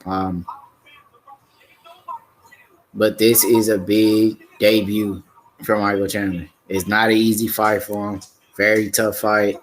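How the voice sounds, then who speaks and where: A man with a low, fairly flat voice talks through a fight preview at an unhurried pace. He hesitates often and leans on fillers as he restarts his thoughts. His tone is casual, like a live stream host. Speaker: fight commentator.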